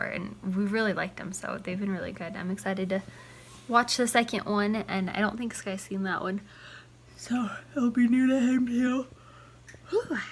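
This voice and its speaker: A woman's voice: fairly high pitch, slight background noise. A young woman, a mother, chatting casually to the camera at home in a family vlog, rambling on with lots of "and" and "like". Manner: chatty, rambling, strings clauses with "and" and "like". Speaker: family vlogger.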